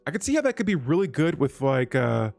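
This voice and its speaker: Over soft background music, a man hosts a strategy game let's play, chatting casually with viewers and clicking through menus as he comments. His voice is on the high side, sing-song and brisk, with vocal fry and a darkish tone.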